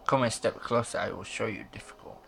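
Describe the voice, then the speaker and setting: A man's voice: fairly low pitch, brisk, vocal fry, bright, forceful tone, full character voice. A man reading the lines of a fierce woman prisoner with fire powers, in a defiant, threatening way.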